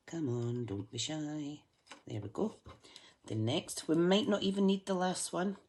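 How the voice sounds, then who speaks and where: A woman's voice: low voice, lively intonation, unhurried, darkish tone. A Scottish woman chatting casually to live viewers as she demonstrates a craft project, joking at her own expense as she works. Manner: chatty, self-mocking, talks to viewers while working.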